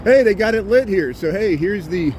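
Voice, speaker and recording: A man's voice: high-pitched, lively intonation, moderate pace. Chatty man live-streaming on busy city streets. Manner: chatty, greets viewers by name, repeats himself. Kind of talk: casual live-stream narration while walking. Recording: loud street traffic noise.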